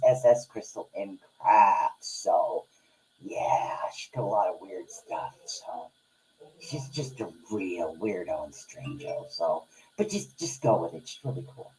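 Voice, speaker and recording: A woman hosting a live card-reading stream, chatting casually and excitably in rambling asides. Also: extremely low pitch, low-quality recording. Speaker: podcast host and card reader.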